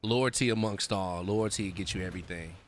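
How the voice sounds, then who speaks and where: A man's voice: low voice, brisk, a little hiss or hum. A man hosting a gaming stream, asking playful questions in a laid-back, slangy way. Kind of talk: casual live-stream chat.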